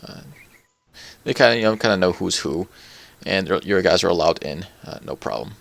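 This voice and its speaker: A man with a very low, gravelly voice runs a tabletop game and narrates the scene. He talks in a loose, chatty way, full of filler words. The recording is close and dry. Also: animated, normal speed, fairly bright tone, dry recording. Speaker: game master.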